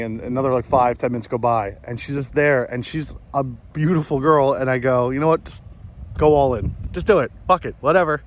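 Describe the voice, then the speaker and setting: A man's voice: mid-range voice, a little hiss or hum. A man in his late twenties with a New Jersey accent, telling rambling, self-deprecating stories while out playing golf. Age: 20s. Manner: rambling, self-deprecating, many fillers and restarts. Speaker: vlogger. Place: outdoors on a golf course.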